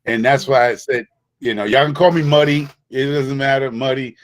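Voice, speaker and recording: A middle-aged man from the Bronx talks in a casual chat. His pitch sits in an ordinary male middle range. He builds his points emphatically, doubling back and repeating phrases as he goes. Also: steady tone, moderate pace. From the Bronx, New York. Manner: emphatic, repetitive storyteller with frequent restarts. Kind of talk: casual conversation.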